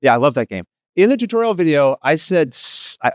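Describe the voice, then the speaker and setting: A man with a Maritime Canadian accent giving a lively conference panel talk, joking with the audience and asking them questions. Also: on the high side, a little fast, dry recording, studio quality. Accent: East Coast Canadian, Maritimes. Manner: lively, self-deprecating, asks the audience questions. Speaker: panel presenter, tutorial video creator.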